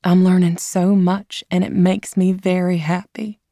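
A woman voicing a weary, gentle mother. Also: lowish voice, little pitch movement, unhurried, no echo, clean studio sound. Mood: earnest.

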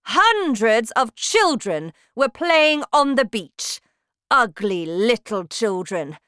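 A woman voicing a cruel, bossy female witch leader who shouts her orders with scorn, in a storybook reading. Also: on the high side, big pitch swings, takes it slowly, clear, resonant tone, no echo, clean studio sound, voice pushed up, exaggerated voice. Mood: scornful, commanding. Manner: shouting, commanding, contemptuous.

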